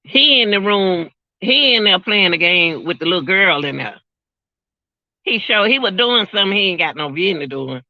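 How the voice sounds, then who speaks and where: A man's voice: high-pitched, lively intonation, normal speed, no room sound, highs cut off. A man giving emotional, repetitive livestream commentary, talking straight to his viewers.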